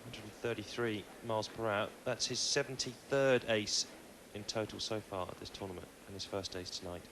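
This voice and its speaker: A man giving live play-by-play commentary on a tennis match in a measured, informative way. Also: lowish voice, fairly even intonation. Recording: noisy old TV broadcast.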